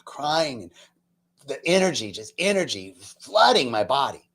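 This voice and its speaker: A man telling a personal spiritual story in an earnest, emotional way. He is casual and chatty with self-mocking asides, and he drops to soft, near-whispered passages before rising loud again. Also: mid-range voice, big pitch swings, a little slow. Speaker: spiritual talk host.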